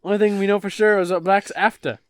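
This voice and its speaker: A man's voice: sits high, fairly even intonation, fast, clean tone, no echo, pitched above the performer's own voice, natural voice. A man reading as Arthur Weasley, worried wizard dad. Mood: urgent. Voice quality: fumbling British accent drifting Irish-Scottish. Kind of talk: casual podcast table read.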